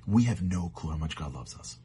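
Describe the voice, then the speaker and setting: A man giving a short, earnest sermon as a storyteller, sometimes dropping to hushed tones for emphasis. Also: sits low, animated, brisk, slight background noise.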